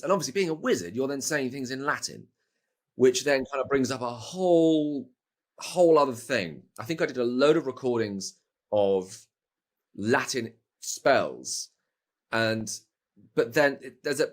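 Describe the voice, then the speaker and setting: A middle-aged British man, a voice actor, chatting casually in an interview, rambling with restarts and playful asides. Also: mid-range voice. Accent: British English. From Britain. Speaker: voice actor guest.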